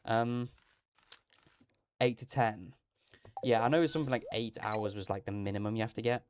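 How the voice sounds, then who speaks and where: A man's voice: lowish voice, steady tone, moderate pace, darkish tone, slight background noise. A man live-streaming a video game, chatting casually and rambling while reading chat. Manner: rambling, chatty, laughs often, reads out chat.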